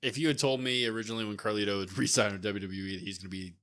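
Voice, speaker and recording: A man with a fairly low, bright-toned voice co-hosts a casual wrestling podcast. He is laid back and chuckles along with his partner. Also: fairly even intonation, very fast, smooth. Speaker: podcast co-host. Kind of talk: casual wrestling recap chat.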